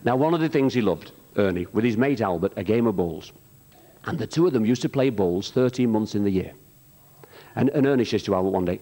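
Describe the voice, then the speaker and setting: A man tells long shaggy-dog jokes on a theatre stage. He rambles with ums and restarts, then jumps into high, shouted character voices for the punchlines. His pitch swings widely across the telling. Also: lively intonation, a little fast. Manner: rambling, hesitant, full of ums between jokes. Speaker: stand-up comic at a charity show. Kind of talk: stand-up joke telling.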